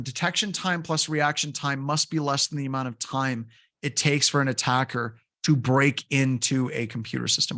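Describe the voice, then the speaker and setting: A man's voice: a little high, fairly bright tone. A middle-aged man teaching a security course, telling a loose, filler-heavy story between points. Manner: casual, rambling, with many fillers. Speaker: course instructor. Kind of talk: lecture with anecdotes.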